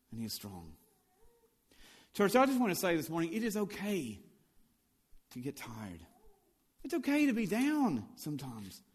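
A male pastor with a voice on the high side preaches a sermon, swinging between loud and hushed lines and building on repeated phrases.

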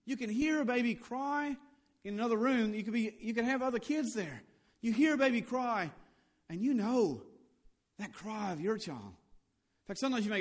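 A male pastor preaching a sermon, swinging between loud and hushed lines and building on repeated phrases. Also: sits high, lively intonation, moderate pace.

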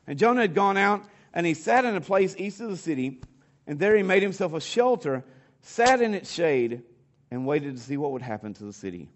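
A man preaching a sermon in a conversational, halting way. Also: a little high, animated, lo-fi sound. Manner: conversational, halting, with restarts and fillers. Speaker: pastor.

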